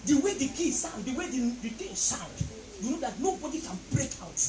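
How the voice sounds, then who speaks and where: A man's voice: very high-pitched, big pitch swings, a little fast. A man preaching a sermon emphatically, repeating phrases and leading the congregation in call-and-response. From Nigeria. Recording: echoey, distant mic, noisy.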